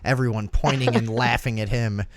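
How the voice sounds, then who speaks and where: Profane, animated male podcast host. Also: medium pitch, normal speed, no room sound. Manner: profane, animated storyteller acting out quotes. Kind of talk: crude storytelling on a comedy talk show.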